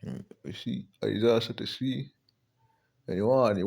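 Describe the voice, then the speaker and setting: A man's voice: fairly low pitch, vocal fry, warm tone. A man preaching on prophecy in a loose, conversational way, reading scripture aloud, often stumbling over repeated words and ending lines with "man". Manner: keeps tagging lines with "man", halting repeats; reads scripture aloud between remarks.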